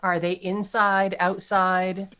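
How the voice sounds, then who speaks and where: A woman at a tabletop game asks curious, short questions. Her pace is slow and her pitch is middling. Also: level tone, bright, forceful tone. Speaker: player. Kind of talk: casual tabletop play.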